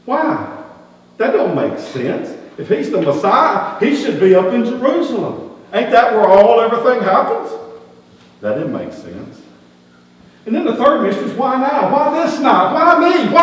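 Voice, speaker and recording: A skeptical, earthy shepherd tells his story in a first-person dramatic sermon, played by a male pastor. His voice is slightly high and swings widely as his questions build, and his folksy speech breaks the rules of grammar. He sounds far off in a reverberant church sanctuary with a faint hum behind him. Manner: folksy, colloquial grammar, rising animated questioning. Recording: echoey hall, distant mic, faint hum.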